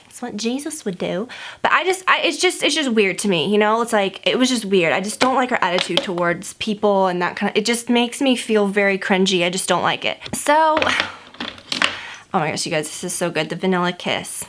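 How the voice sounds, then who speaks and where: A woman talks straight to the camera while she does her makeup, gossiping in a casual, rambling way. Her voice sits at an ordinary middle pitch. She scatters "like" and "you know" through every sentence. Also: animated, normal speed, noisy background. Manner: chatty and rambling, heavy use of "like". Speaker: beauty vlogger.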